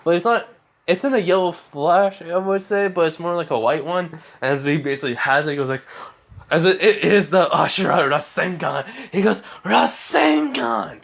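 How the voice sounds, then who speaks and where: A man with a bright, forward voice tells a homemade fan story in a casual, rambling way. He chuckles now and then and corrects himself as he goes. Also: a little high, brisk.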